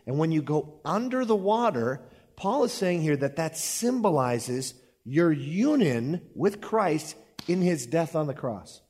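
A man's voice: on the high side, a little mellow, in a large hall. A man preaching a conversational sermon at a church service, with playful asides. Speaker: pastor.

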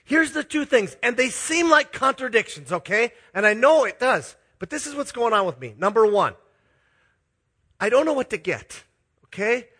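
A man's voice: extremely high pitch, sing-song, moderate pace, a bit bright, husky. A middle-aged man from Minnesota, a pastor telling self-deprecating stories in a sermon. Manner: self-deprecating, confessional, chuckling storyteller. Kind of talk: sermon with personal storytelling.

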